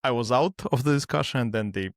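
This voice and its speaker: Creaky-voiced man, hesitant guest. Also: medium pitch, quick pace, dry recording, studio quality. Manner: non-native English, hesitant restarts and searching for words. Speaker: podcast guest. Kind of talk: casual conversation.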